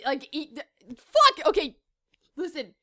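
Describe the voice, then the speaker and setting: A woman's voice: high-pitched, sing-song, takes it slowly, sharp tone. A woman in a comic rant, exasperated and stammering, with mock outrage and heavy swearing. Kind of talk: comedic rant to camera.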